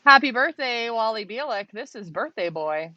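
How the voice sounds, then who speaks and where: A woman's voice: on the high side, animated, normal speed, pushed and bright. A woman co-hosting a live stream, chatting casually and joking as she reads out names. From Canada. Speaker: co-host of a live pigeon race stream. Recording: slightly dull lo-fi stream audio.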